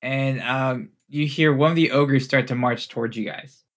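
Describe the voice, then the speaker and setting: A man's voice: medium pitch, steady tone, moderate pace, fairly bright tone. A man narrating as game master, easygoing and often breaking into laughter between rulings.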